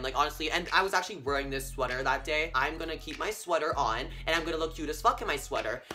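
A young man in his teens ranting to camera in a casual vlog, sassy and profane, swinging between loud outbursts and low mutters. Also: animated, fast talker, faint music behind. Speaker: vlogger.

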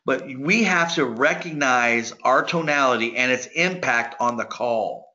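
A man giving a sales coaching lecture, talking very fast so his words sometimes run together. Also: medium pitch, bright, forceful tone. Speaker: sales trainer. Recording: dull lo-fi recording.

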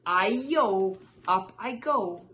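A woman voicing a cheeky, excitable runaway rice cake that calls out in shrill, taunting cries. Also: drawn-out words.

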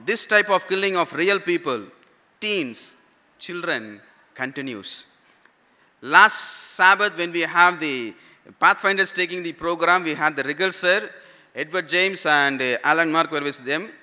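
A man's voice: fairly high pitch, a little slow, pushed and bright. Man, pastor. Sermon delivery, repeats points, recorded in a reverberant church hall. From India. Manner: repeats key phrases for emphasis, asks the congregation questions.

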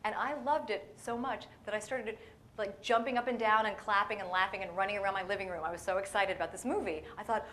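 A woman's voice: medium pitch, fast, slight background noise. A woman giving a playful, storytelling guest sermon to a church audience, acting out little voices and dialogue as she goes. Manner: animated, playful, acts out voices in stories. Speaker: guest speaker.

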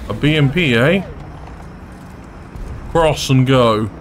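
Excitable man narrating his gameplay. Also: mid-range voice, slow, a little hiss or hum. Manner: excitable, chatty, bursts into laughter. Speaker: gaming YouTuber. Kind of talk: live gameplay commentary.

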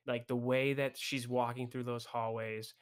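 A man's voice: mid-range voice, flat delivery, a little slow, clean tone. Eager young man gushing about film. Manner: enthusiastic, many "like" and "right?" fillers. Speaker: podcast co-host. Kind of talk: casual film discussion.

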